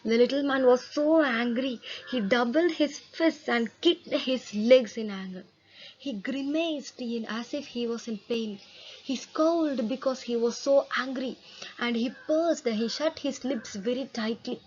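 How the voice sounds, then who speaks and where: A woman's voice: fairly high pitch, unhurried, darkish tone, slightly rough, highs cut off. A woman teaching an English lesson to children, explaining words patiently and asking her pupils questions. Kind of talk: explaining a textbook story to children.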